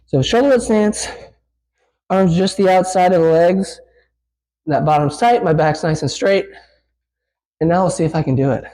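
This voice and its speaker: A man's voice: high voice, normal speed, long pauses, warm tone, rough recording. A physical therapist demonstrating a lift in a gym, explaining casually with many fillers and getting out of breath as he works. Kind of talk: instructional demonstration.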